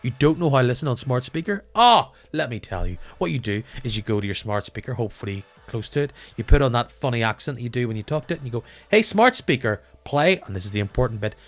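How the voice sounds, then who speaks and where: A man's voice: mid-range voice, fast talker, few pauses. A man hosting a podcast, chatting casually and playfully as he signs off. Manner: chatty, lively sign-off with playful asides. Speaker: podcast host.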